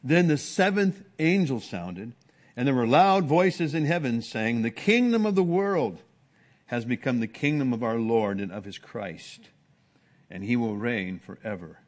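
This expository sermon comes from a man who talks conversationally, often restarting words and mimicking hushed gasps of awe. He speaks at a medium pitch.

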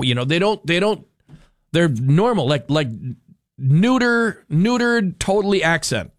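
A man's voice: medium pitch, no echo, studio quality. A man hosting a radio talk show, chatting in a rambling, opinionated way full of fillers and restarts.

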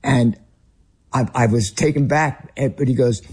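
A man's voice: medium pitch, unhurried, a little mellow, husky. A man with a Northern US accent, a ministry leader and guest, telling an earnest story in conversation. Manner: earnest anecdotal, some restarts.

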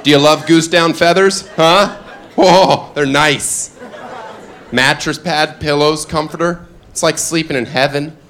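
A man doing a stand-up comedy set, mostly deadpan one-liners broken by sudden loud shouted character voices. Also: on the high side, measured pace. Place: comedy club stage before a live audience. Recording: live club recording with loud crowd.

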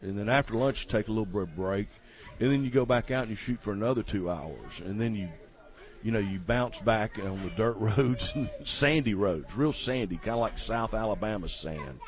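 As a guest, a man tells a story about a hunting trip in an easygoing, rambling way, laughing often. His voice is lowish and fairly quick, and the lo-fi audio sounds dull.

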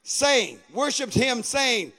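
Male preacher with a very high voice, fervent call-and-response delivery, swings up into shouted lines. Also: very animated, slow pace. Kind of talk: sermon.

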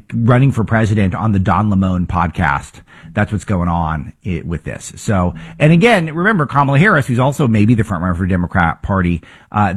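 Husky low-voiced man hosting political talk. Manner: emphatic, rhetorical questions, frequent restarts. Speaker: political talk show host. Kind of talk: opinionated political commentary.

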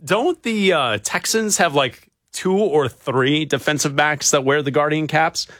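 A man's voice: a little high, unhurried, fairly bright tone, no room sound, clean studio sound. A man co-hosting a sports talk radio show, chatting easily and taking callers. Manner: easygoing, talks to callers.

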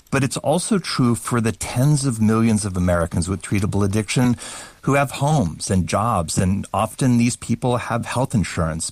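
Give me a male radio reporter explaining his findings in a deep, low voice. It's dry and close-miked, and he talks earnestly to the host. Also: dry recording. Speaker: news reporter. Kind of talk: radio news interview. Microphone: studio mic.

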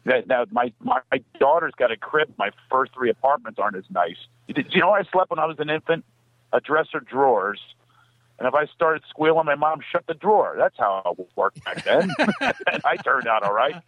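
Lively comedian man on a dull line. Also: mid-range voice, moderate pace, no room sound. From Philadelphia. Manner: animated storytelling, acts out voices and laughs often. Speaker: comedian guest. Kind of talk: radio call-in comedy chat. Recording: dry muffled phone line.

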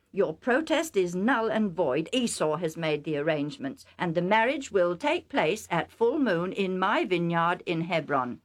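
A woman's voice: on the low side, close to an everyday voice. A woman voicing an indignant foreign chieftain. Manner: indignant, scornful, declaiming. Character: furious older male foreign chieftain, proud.

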